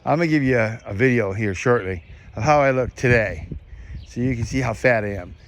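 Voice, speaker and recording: A man's voice: mid-range voice, fairly quick, a little hiss or hum. Earnest rambling man talking outdoors. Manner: rambling, earnest, chuckles often. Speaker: vlogger. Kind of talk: casual faith talk to camera. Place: outdoors among trees.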